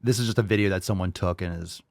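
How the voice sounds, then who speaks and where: A man's voice: low-pitched, quick pace, creaky, no room sound, studio quality. A man hosting a reaction commentary, blunt, profane and mocking. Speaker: host.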